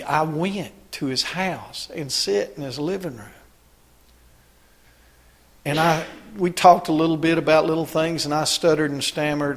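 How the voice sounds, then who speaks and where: A male pastor preaching a sermon, folksy, swinging from loud exhortation to quiet storytelling. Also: a little high.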